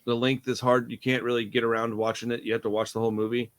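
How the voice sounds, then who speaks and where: A man's voice: medium pitch, little pitch movement, quick pace. Laid-back rambling young man host. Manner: laid-back, rambling, says dude and bro. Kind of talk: casual movie review chat.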